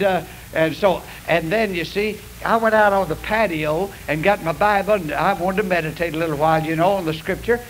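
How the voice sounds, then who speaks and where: Sitting high in pitch, this man's drawling voice carries a storytelling sermon, folksy and confessional, aimed at his congregation as their pastor. The rough audio has the hissy character of a vintage radio broadcast.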